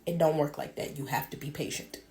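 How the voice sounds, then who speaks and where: A woman doing a soft-spoken male god husband. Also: deep voice, steady tone, moderate pace. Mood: hushed.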